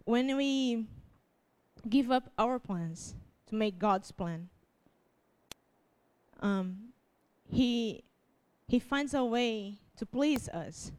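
Tearful young woman giving a halting testimony. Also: on the high side, lively intonation, darkish tone, clear, resonant tone. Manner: halting, restarts often, laughs through tears. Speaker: youth preacher. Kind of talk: emotional testimony sermon.

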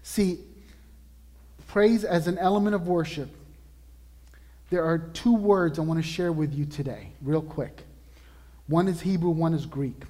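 A man preaching a sermon as pastor, earnest and emphatic, slowing down to stress key words. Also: fairly high pitch, mellow, long reverb tail. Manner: earnest, emphatic preaching with slow drawn-out lists.

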